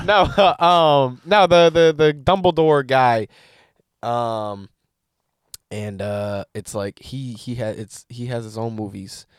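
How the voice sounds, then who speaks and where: A man co-hosting a comedy podcast in casual chat, ranting in an animated, profane way. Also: mid-range voice, slow pace, smooth, dry recording, studio quality.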